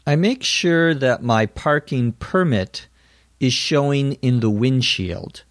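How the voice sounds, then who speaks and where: A man's voice: mid-range voice, lively intonation, slow, dry recording, clean studio sound. A man teaching English vocabulary, explaining words carefully in a scripted lesson.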